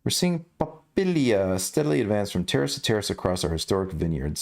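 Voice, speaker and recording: Brief: a male streamer, deep and gravelly, animated delivery, reads headlines and riffs with casual jokes. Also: fast talker, hardly any pauses. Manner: rambling, self-correcting, jokey. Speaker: streamer reading news. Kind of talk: casual livestream news commentary.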